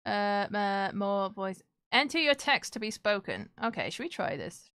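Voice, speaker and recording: A woman's voice: medium pitch, big pitch swings, a little slow, a bit bright, clean tone, no echo. A woman streamer chatting casually with her live chat while she draws, joking and self-deprecating.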